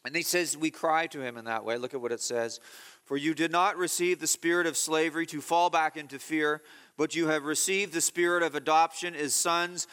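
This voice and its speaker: Male pastor, bright, slightly high voice, sermon delivery with emphatic swings. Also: steady tone, normal speed, clean tone, in a large hall. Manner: teaching tone, swings from low explaining to loud emphatic scolding.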